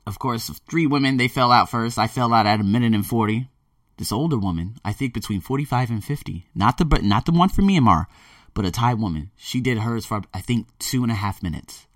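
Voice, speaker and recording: A man hosting a motivational podcast, rambling energetically and swinging between loud excitement and quiet earnestness. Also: mid-range voice, brisk, no room sound, studio quality, distant mic. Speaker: podcast host. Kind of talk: motivational monologue.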